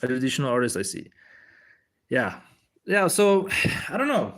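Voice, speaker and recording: A man's voice: mid-range voice, very animated, normal speed, fairly bright tone. A man streaming while he inks comic pages, chatting loosely and profanely and answering viewers as he works. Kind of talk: casual rambling livestream chat.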